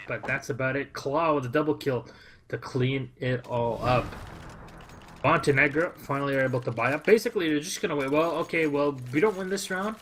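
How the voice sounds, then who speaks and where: A man's voice: medium pitch, brisk, fairly bright tone, a little hiss or hum. A man commentating a live esports match, chatting casually with many fillers between calls.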